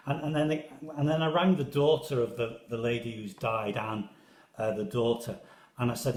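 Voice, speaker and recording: A man's voice: mid-range voice, steady tone, moderate pace, a little mellow. A man who is a parish priest, talking in a chatty, rambling, self-deprecating way with a refined Liverpool accent and many restarts. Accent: soft Liverpool. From England. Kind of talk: casual chat to viewers. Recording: roomy echo.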